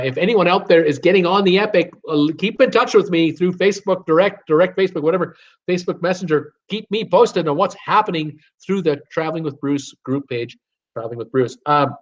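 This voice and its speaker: A man's voice: a little high, dull audio. A man from Canada hosting a live cruise show from home, reading viewer comments aloud and joking along. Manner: chatty, reads names aloud and jokes along.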